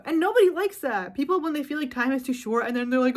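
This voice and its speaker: Young woman, vlog rant, somewhat high voice, swearing, loud bursts then quiet asides. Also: lively intonation, fast. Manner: emphatic, profane, swings between loud outbursts and quiet asides. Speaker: vlogger. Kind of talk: ranting monologue to camera.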